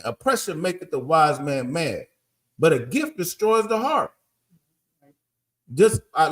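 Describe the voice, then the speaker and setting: A man's voice: high-pitched, sharp tone. A man teaching a group in a blunt, emphatic street-preaching style, often checking that listeners understand. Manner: emphatic, keeps asking "you understand?"; blunt and profane.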